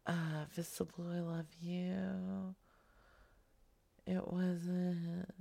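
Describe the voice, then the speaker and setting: Slow gravelly woman streamer. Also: fairly low pitch, level tone, dark tone. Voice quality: gravelly, swearing freely. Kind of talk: casual live-stream chat.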